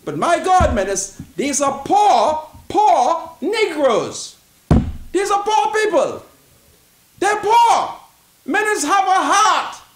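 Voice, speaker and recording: A Bahamian man hosting a commentary show, pleading and repeating himself in a preachy way and breaking into shouts. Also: very high-pitched, very animated, slow pace, echoey room. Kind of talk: impassioned political commentary.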